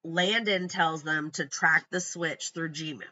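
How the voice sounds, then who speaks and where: Bright-voiced blunt true crime commentator. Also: mid-range voice, slow, dull audio. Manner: blunt, profane, scornful asides. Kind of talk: casual commentary reading from notes.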